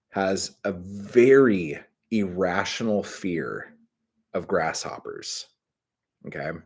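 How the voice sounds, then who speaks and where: A middle-aged man hosting his own livestream, chatting casually, rambling and swearing with sudden bursts of excitement. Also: sits low, husky. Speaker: channel host.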